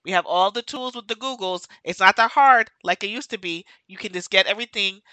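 Woman podcast host going off in an impassioned rant, keeps repeating herself for emphasis, super bright tense voice, dry sound. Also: mid-range voice, fairly quick, no room sound, low-quality recording. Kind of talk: emotional solo podcast monologue.

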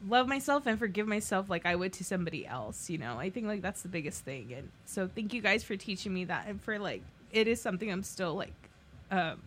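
A young woman in her twenties, a podcast co-host, talking in a halting, tearful way, laughing through tears as her voice breaks. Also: medium pitch, lively intonation, a bit bright, a little hiss or hum. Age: 20s. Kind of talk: emotional casual chat.

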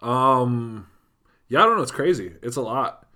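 A man's voice: mid-range voice, animated, moderate pace, bright, forceful tone. A man, co-hosting a casual podcast, laid-back with dry teasing. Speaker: podcast co-host. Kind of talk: casual chat.

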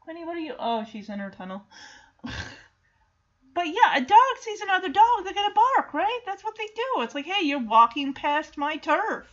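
A woman hosting a show, chatting through a sitcom episode in an animated, sarcastic way. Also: very high voice, normal speed, dull audio. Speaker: recap podcast host. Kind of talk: casual episode recap commentary.

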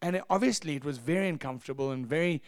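A man preaching a sermon as pastor, telling stories in an animated way and acting out voices. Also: a little high, rapid-fire, no echo, studio quality. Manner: animated, acts out voices, laughs at own stories. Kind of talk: sermon storytelling.

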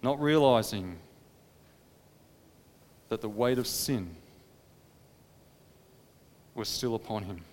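A man preaching a sermon, dramatic, swinging between impassioned pleading and hushed, quiet stretches. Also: fairly low pitch, animated, takes it slowly, long pauses, slight background noise. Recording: long reverb of a large hall.

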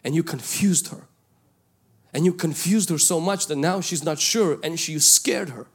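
A male pastor, preaching a sermon and telling a story from his youth, swinging between loud calls and hushed asides. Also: on the high side, normal speed, husky. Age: 20s at the time of the story, now older.

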